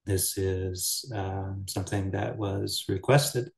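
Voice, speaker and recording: A man giving a relaxed, storytelling dharma talk as a Buddhist teacher. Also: low-pitched, slow, vocal fry. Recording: roomy echo.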